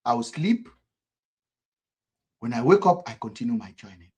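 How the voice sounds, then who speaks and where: A man with a Nigerian accent giving impassioned political commentary, repeating himself in a fervent rhythm and swinging sharply between loud and soft. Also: medium pitch, animated, a little slow, pauses often, slightly rough.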